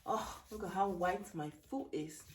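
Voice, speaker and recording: Woman, 30s, chatty, excitable, rambling, try-on haul vlog, home room, camera on floor, noisy recording. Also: fairly low pitch, unhurried. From Netherlands. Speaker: beauty vlogger. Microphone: camera set down, handheld mic removed.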